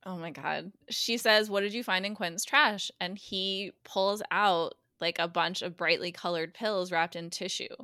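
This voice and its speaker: A woman with a fairly low, clean-toned voice, recorded in the studio with no room sound, co-hosts a podcast as a guest. Recapping a TV episode casually, she plays out the characters' lines through quick, animated voice shifts.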